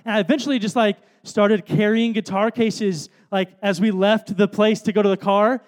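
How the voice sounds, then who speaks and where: A man in his thirties tells his story from the stage at a worship event, in a relaxed, sermon-like style. His voice sits high for a man and moves at normal speed, and he rambles in a self-deprecating way with plenty of fillers.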